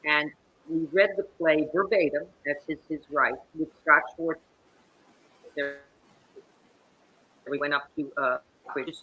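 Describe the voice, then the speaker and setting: Husky woman on a video call, super bright tone, telling theatre stories all dramatic. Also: sits low, poor audio. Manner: animated, theatrical storytelling. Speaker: guest actress. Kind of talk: interview conversation.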